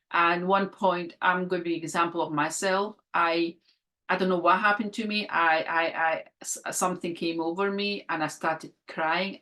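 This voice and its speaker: A woman speaking as an interview guest, a holistic health practitioner, talking in an earnest, gentle, encouraging way with frequent fillers. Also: fairly low pitch. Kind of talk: conversational interview.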